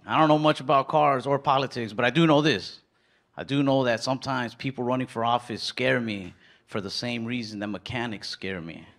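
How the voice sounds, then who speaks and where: A man's voice: mid-range voice, brisk, a bit bright. A man doing stand-up with dry, sarcastic storytelling. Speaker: stand-up comedian. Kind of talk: stand-up comedy set. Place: comedy stage before a live audience. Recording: noisy live club recording.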